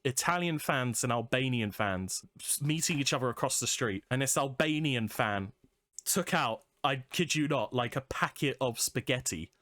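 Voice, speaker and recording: Man, podcast host, jokey, laughs a lot, middle pitch, dry close sound. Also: expressive, normal speed, a bit bright, dry recording. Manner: jokey, laughs often, tells stories animatedly. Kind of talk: casual gaming podcast chat.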